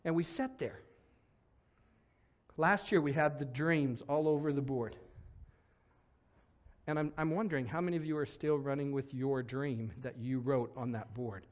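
A man preaching a lively sermon as pastor in a church, acting out voices as he goes. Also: mid-range voice, normal speed, pauses often. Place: church sanctuary.

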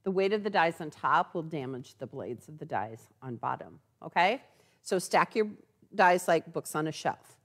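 A woman's voice: low voice, normal speed. A woman giving a chatty live product demonstration in a sewing store, often checking in with "okay?". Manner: chatty, animated, tags lines with "okay?".

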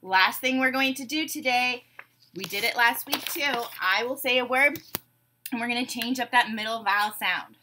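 Slow, bright-voiced woman teacher. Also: fairly high pitch. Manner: slow, drawn-out words with upbeat praise. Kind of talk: phonemic awareness lesson for young children.

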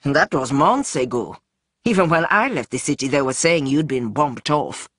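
A man's voice: on the high side, lively intonation, moderate pace, fairly bright tone, no echo, studio quality. A narrator voicing a frightened young man trapped in a cage, who pleads desperately and halts between words. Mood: desperate, pleading.

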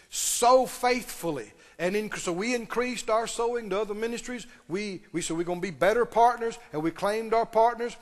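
A man delivers a sermon in a notably high voice, pressing his points by repeating them and asking the congregation direct questions. His voice rings with the long reverb of a large meeting hall. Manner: emphatic, repeating key phrases and questioning the audience. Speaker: pastor.

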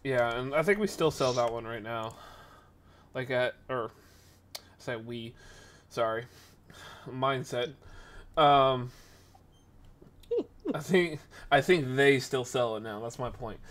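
A man hosting a podcast, telling a rambling story in a casual, animated way, correcting himself as he goes and acting out the people in it. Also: slow pace, pauses often. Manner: animated, acts out the people in his story with jumps in pitch and volume. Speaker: podcast host.

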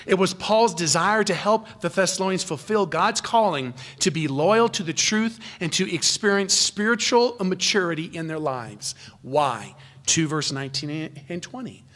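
A male pastor delivers an earnest expository sermon in a fairly high voice. He swings from loud, rising emphasis down to low, quiet asides, and sometimes stops to correct himself mid-sentence. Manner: rises in pitch and volume for emphasis, then drops low and quiet.

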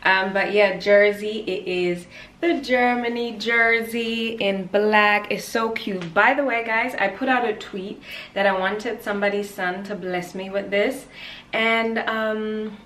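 A woman's voice: medium pitch, steady tone, slow pace, a bit bright, roomy sound, distant mic, slight background noise. A young woman vlogging a clothing haul, chatty and playful, with slang and jokey asides. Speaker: fashion vlogger. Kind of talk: casual haul vlog.

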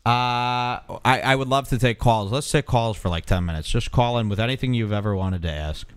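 A man's voice: mid-range voice, brisk, clear, resonant tone, no room sound. A man hosting a call-in radio show, bantering with callers in a dry, sarcastic way. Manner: dry, sarcastic put-downs. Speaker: radio show host taking calls.

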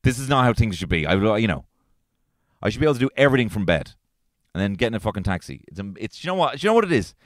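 A man's voice: fairly low pitch, sing-song, very fast, no echo. A man with an Irish accent hosting a solo comedy podcast from inside his car, ranting in an exasperated, profane way. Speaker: podcast host.

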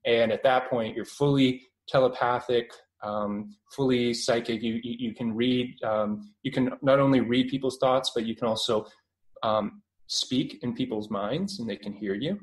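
A man in his twenties with a Canadian accent, speaking as a guest in a relaxed interview. He talks at an ordinary mid pitch and wanders through his points with plenty of ums, likes and restarted phrases. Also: a little slow, rough recording. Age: 20s. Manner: rambling, many fillers and restarts. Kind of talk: casual radio interview.

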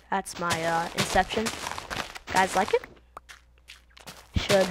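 A woman's voice: a little high, animated, unhurried, pauses often, background noise. A teenage girl chatting casually while playing a video game, rambling and jumping from topic to topic in a silly, offhand way, recorded on a computer mic. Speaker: gaming video host. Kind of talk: casual let's-play commentary. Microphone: computer mic, voice set low. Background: game sounds from the video game.

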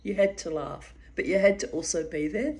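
A woman's voice: on the low side, normal speed, darkish tone. A woman telling a personal story in a casual way, laughing often and swearing freely.

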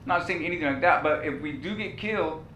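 A fast-talking male pastor with a sharp tone preaches in a church sanctuary, passionately telling a personal story and repeating key phrases. The room sounds echoey, with a faint rumble.

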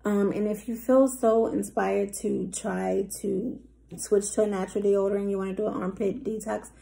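Woman vlogger, casual rambling chat at home, warm tone with a gravelly edge. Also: medium pitch, steady tone, moderate pace. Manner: rambling, chatty, many filler ums.

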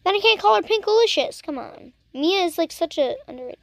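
A woman's voice: extremely high pitch, lively intonation, brisk, no room sound. A young woman chatting casually as she reacts to videos, teasing and talking back at the screen.

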